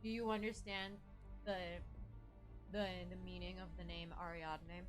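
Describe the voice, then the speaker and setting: A woman's voice: fairly low pitch, fairly even intonation, a little slow, faint music behind. A woman from the US Midwest, chatting casually as a stream co-host and explaining things with fillers. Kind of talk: casual reaction chat.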